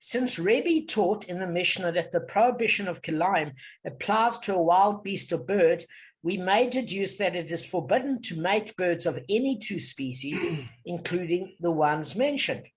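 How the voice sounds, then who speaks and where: Man, higher-pitched voice, leads a relaxed study group over a video call and pauses to check understanding. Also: poor audio. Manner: explains patiently, checks in with "okay?". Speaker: Talmud study leader. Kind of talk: informal online study group.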